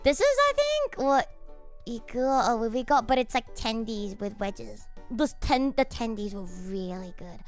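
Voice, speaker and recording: High, lively young woman streamer. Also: unhurried, soft background music. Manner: excitable, bursts into laughter, swears casually. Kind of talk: casual chat.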